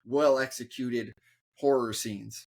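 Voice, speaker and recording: A man in casual review chat as a podcast co-host, with a voice of middling pitch. He speaks haltingly, stopping and restarting his sentences and padding them with fillers. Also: steady tone, creaky.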